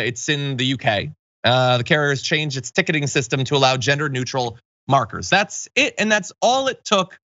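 A man's voice: on the high side, sharp tone, no room sound, muffled recording. A man hosting a political commentary show, delivering opinionated, mocking takes with sarcastic asides.

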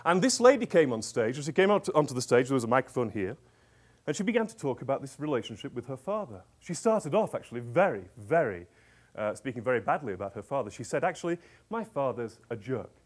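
A man, an author and executive coach, telling stories in a lively, conversational talk to a live audience and checking in with them along the way. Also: medium pitch, fast.

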